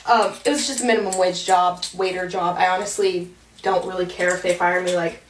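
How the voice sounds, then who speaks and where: A woman's voice: fairly low pitch, fairly even intonation, a little fast, echoey room, a little hiss or hum, low-quality recording. A young woman in a get ready with me vlog, chatty and self-deprecating about work. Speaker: vlogger.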